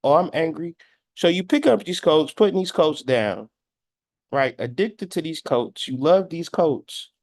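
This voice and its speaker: This man in his thirties has a fairly high, slightly mellow voice that is very animated, though he never hurries. As a spiritual astrology commentator, he delivers a preachy, blunt and profane monologue, acting out quoted dialogue at times, recorded dry in clean studio sound.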